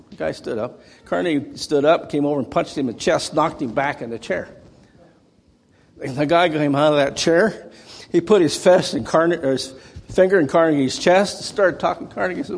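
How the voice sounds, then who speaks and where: A man's voice: on the high side, moderate pace, creaky, in a large hall. A male preacher giving a sermon, telling stories conversationally and rising into dramatic outbursts. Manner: conversational storytelling with dramatic bursts.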